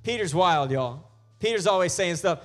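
A male pastor preaching a sermon, acting out quoted voices and building to emphatic, loud declarations. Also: sits high, lively intonation, moderate pace, faint music behind. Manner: acts out biblical voices in quoted lines.

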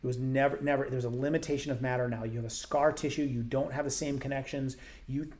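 A man's voice: medium pitch, fairly even intonation, quick pace, darkish tone. A man hosting a casual health Q&A show, answering viewer questions in a conversational, explanatory way with emphatic repetition.

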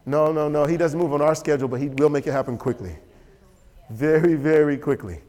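A man preaching a sermon as pastor, animated and storytelling. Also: on the high side, a little fast. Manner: animated, storytelling with quoted voices and laughter. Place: church sanctuary. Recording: church hall with long reverb.

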